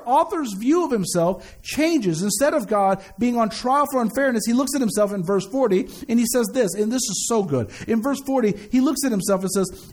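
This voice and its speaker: High-voiced man preaching with slang. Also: a little mellow. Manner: conversational preaching with slang and humor; repeats phrases for emphasis. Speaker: pastor. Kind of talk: sermon.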